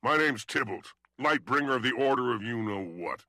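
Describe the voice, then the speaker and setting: A sly apple-selling agent, husky and bright, swooping between shouts and hushes, game dialogue. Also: male voice, medium pitch, lively intonation, moderate pace. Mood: conspiratorial. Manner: hawking loudly then hushed and conspiratorial. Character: sly male apple vendor, secret society agent. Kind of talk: video game character dialogue.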